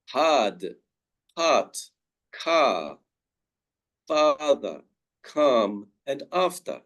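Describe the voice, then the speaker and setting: A man teaches pronunciation at a slow, deliberate pace. His pitch swings widely as he draws out each example word. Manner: drawn-out example words with lively pitch. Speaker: webinar presenter on pronunciation. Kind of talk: slow, careful pronunciation lesson.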